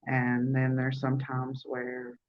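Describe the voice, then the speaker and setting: A woman's voice: very deep voice, monotone, slow pace. A woman with a Southern US accent hosting a casual live podcast chat, talking easily and laughing often as she answers viewers. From Alabama. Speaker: podcast host. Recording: dull lo-fi livestream audio.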